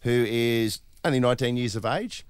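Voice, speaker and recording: A man's voice: mid-range voice, normal speed, clean tone, dry recording. Chatty Australian radio host man. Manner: chatty, rambling with fillers. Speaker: radio breakfast show host. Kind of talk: breakfast radio chat. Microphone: studio microphone.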